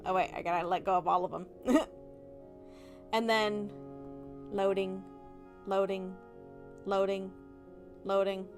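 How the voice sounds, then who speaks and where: A woman's voice: mid-range voice, flat delivery, slow pace, long pauses, soft background music. A young woman chatting casually on a livestream, bubbly and giggly, acting out little reactions. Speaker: vtuber streamer.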